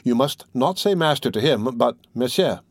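A man's voice: medium pitch, animated, moderate pace, dry recording, clean studio sound. A man voicing a bold young woman in her finest clothes, speaking eagerly and correcting her friend. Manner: impetuous, prim.

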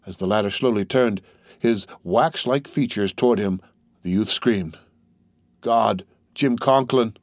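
A man narrating a classic novel as an audiobook in a measured, even reading. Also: on the low side, no room sound.

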